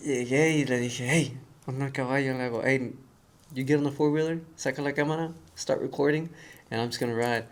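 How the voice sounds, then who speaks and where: A man telling a story in casual conversation, animated and acting out the voices of the people in it. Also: medium pitch, quick pace. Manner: animated storyteller who acts out quoted voices. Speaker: guest.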